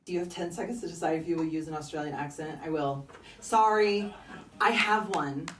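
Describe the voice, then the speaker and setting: A woman's voice: deep voice, fairly quick, far from the mic, noisy background. A woman competing as a contestant on a live comedy show, playful and theatrical. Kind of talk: performing a comic poem on stage. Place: theater stage. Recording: roomy live theater recording from afar with music and a crowd.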